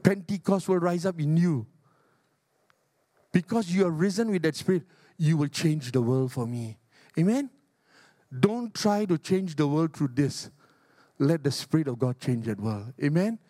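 A man's voice: lively intonation, a little slow, no room sound, clean studio sound. Older Singaporean man preaching emphatically. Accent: Singaporean English. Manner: emphatic preaching that swings between loud high exhortation and soft low asides. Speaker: pastor. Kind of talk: sermon.

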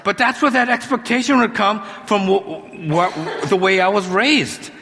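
A male pastor preaching a sermon in a conversational, animated way, with humorous asides. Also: high-pitched, unhurried, noisy background. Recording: long hall reverb.

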